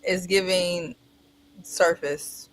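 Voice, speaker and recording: A woman from the United States speaking as a panelist in a casual chat, animated and gossipy. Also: lowish voice, extremely slow, a little hiss or hum.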